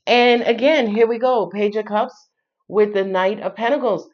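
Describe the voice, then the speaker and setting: A tarot reader with a New York accent gives a loose, casual reading, sassy and playful, joking, swearing and laughing often. Her voice is medium-pitched and steady at a moderate pace, and the recording is a little dull and lo-fi.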